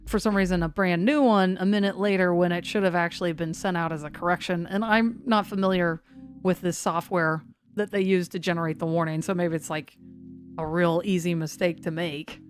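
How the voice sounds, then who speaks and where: A woman's voice: lowish voice, steady tone, a little fast, faint music behind. A woman hosting a severe-weather livestream, chatting casually and rambling, self-deprecating as she answers the chat. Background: faint looping song.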